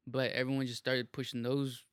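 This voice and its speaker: A man's voice: medium pitch, moderate pace, no room sound, clean studio sound. A young man telling a wild story in casual podcast chat, swearing a lot and stacking fillers. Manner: profane, animated storytelling with lots of fillers.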